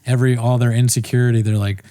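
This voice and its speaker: A man's voice: medium pitch, level tone, fast, mellow, dry recording, clean studio sound. A man co-hosting a comedy podcast, ranting in casual profane chat with frequent restarts. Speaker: podcast co-host.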